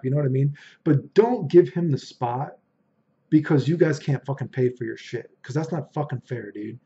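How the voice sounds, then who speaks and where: A man's voice: medium pitch, moderate pace, warm tone, highs cut off. A man casually telling a long story, rambling, swearing and getting heated as he goes. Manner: rambling, profane, heated retelling.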